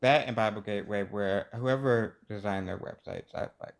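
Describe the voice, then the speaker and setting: A young man, a student, chatting casually, halting and leaning on "like" as he searches for words. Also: on the low side, vocal fry. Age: young adult. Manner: halting, fillers like "like", self-conscious laughs. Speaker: student guest. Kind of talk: casual chat.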